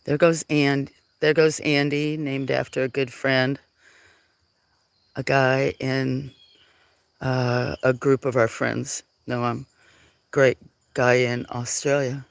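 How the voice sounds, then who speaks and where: Unhurried, gravelly live-stream host filming farm cats on a phone; chatty and apologetic with viewers. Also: mid-range voice, little pitch movement, no room sound. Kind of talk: casual live-stream chat. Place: farm, among the cats at feeding time. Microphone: handheld phone.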